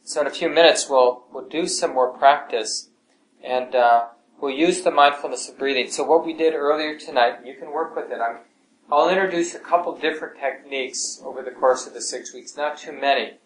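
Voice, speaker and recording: A man teaching a meditation class in a calm, gentle way, his voice often sinking soft and low. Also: normal speed, slight background noise. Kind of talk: relaxed meditation class talk. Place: class room with students. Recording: echoey room, faint ambience.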